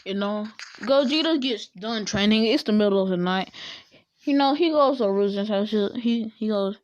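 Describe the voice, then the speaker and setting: A woman rambles through a fan-fiction story in slangy, casual speech packed with fillers. Her voice sits at a middle pitch, and the sound is dry and close to the mic. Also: normal speed, dry recording, highs cut off.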